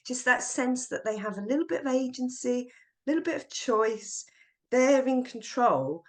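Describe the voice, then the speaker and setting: A middle-aged woman, a teacher trainer, being interviewed on a podcast and telling classroom stories in a lively way. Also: high voice, normal speed. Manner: lively storyteller acting out classroom voices.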